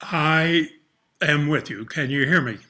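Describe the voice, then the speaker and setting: A man's voice: fairly high pitch, slow. A man, a producer and director, chatting casually as a guest on a radio show. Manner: friendly, relaxed. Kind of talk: casual interview chat.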